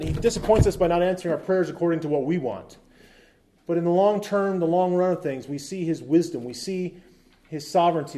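Pastor guy giving a sermon in church, kinda high but mellow voice, chatty asides. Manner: conversational preaching with asides and quips; reads scripture aloud with emphasis.

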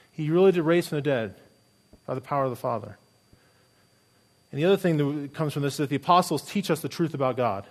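Man, pastor, middle-aged, slightly high voice, earnest emphatic sermon, rhetorical questions.

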